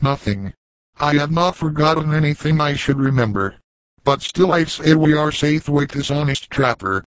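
A man voicing a young frontier woman who speaks in a hushed, earnest way. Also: a little high, moderate pace, dry recording, natural voice, poor audio.

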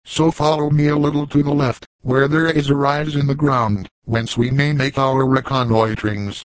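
A man voicing a calm, commanding old frontier trapper who speaks slowly and gravely. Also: mid-range voice, no echo, lightly acted, rough recording. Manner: slow, deliberate and grave.

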